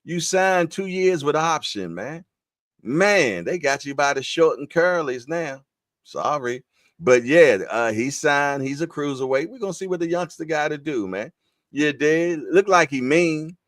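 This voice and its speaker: A man's voice: a little high, animated, measured pace, a bit bright, dry recording, studio quality. A man hosting a casual live-stream boxing show, talking in laid-back slangy banter. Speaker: boxing news show host.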